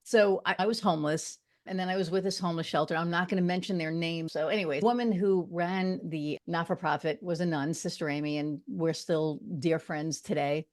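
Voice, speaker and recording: A podcast guest from Long Island shares a personal story in casual conversation, with quick asides to check in with her listeners. Her lowish voice keeps a fairly even intonation.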